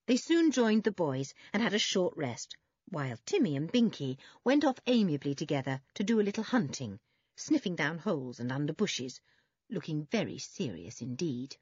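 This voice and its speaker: A woman reads a children's story aloud with a very lively, rising and falling voice and a breathy tone. The recording is dry and a little dull, like an old audiobook. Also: low voice, normal speed, no echo. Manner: expressive, animated reading. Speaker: audiobook narrator. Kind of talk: scripted children's story narration.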